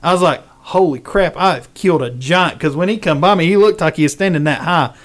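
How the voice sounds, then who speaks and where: A man, hosting a casual chat and telling a hunting story in a lively, drawling way. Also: fairly high pitch, a little fast. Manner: animated, rural drawl, says "son".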